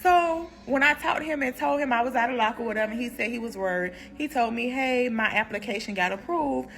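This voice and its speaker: A young woman telling a prison story in a storytime vlog, animated and slangy, laughing as she goes. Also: fairly high pitch, quick pace.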